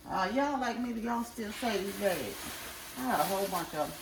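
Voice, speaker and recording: A woman's voice: mid-range voice, animated, a little fast, gravelly, recorded from a distance. A woman vlogging casually at home, chatting straight to her viewers while she unpacks groceries. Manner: chatty, keeps addressing viewers directly. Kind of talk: casual vlog chat. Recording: echoey room with background noise.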